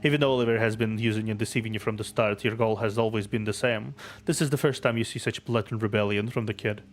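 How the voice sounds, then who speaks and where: A man streaming a game, reading its story aloud in steady narration with offhand asides. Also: fairly low pitch, fast, slight background noise.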